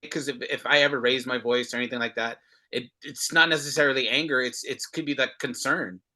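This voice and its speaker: Bright, earnest man on a video call. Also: medium pitch, fairly even intonation, brisk. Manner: earnest and passionate, with restarts. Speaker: father in a discussion group. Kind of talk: casual group discussion.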